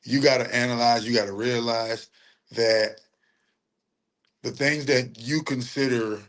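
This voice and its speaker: A man's voice: mid-range voice, fairly even intonation, a bit bright. A man hosting a livestream, with casual, slangy commentary that he drags out and laughs through. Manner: slangy, laughing, drawn-out mocking repetition. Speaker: livestream host.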